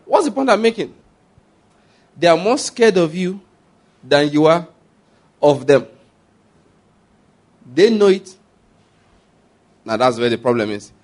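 Nigerian pastor, middle-aged, fairly high voice, lively storytelling sermon, repeats for emphasis. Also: male voice, slow pace, long pauses. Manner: animated storytelling, acts out scenes, repeats points.

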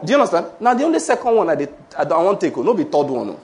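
Nigerian male pastor, fairly high voice, emphatic sermon delivery with call-and-response. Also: sing-song, fast talker, a little mellow, a little hiss or hum.

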